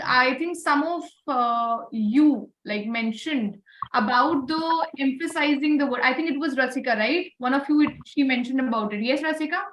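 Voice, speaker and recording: A high-voiced woman runs an online speaking class. She is encouraging, keeps praising students and slips into Hindi now and then. Her voice has a roomy echo and faint noise behind it. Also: a bit bright. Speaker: voice and communication trainer.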